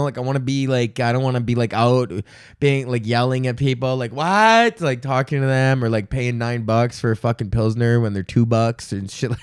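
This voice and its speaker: A man's voice: mid-range voice, clean tone, no echo, studio quality. A man in his twenties hosting a comedy podcast, ranting profanely and rambling as he laughs at his own jokes. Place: room at home, on camera.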